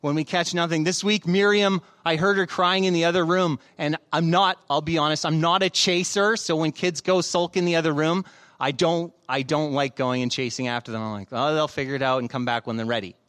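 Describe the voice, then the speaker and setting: Speaking at normal speed, a pastor in his thirties reads from scripture and shares stories conversationally, frequently asking questions of his listeners. His voice is a little high and a bit bright.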